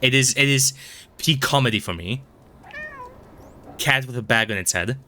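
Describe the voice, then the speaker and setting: A man's voice: mid-range voice, normal speed, pushed and bright, a little hiss or hum. A man streaming a video game, chatting in a rambling, self-mocking way, swearing a lot and stumbling over his words. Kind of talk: casual gameplay commentary. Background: game music.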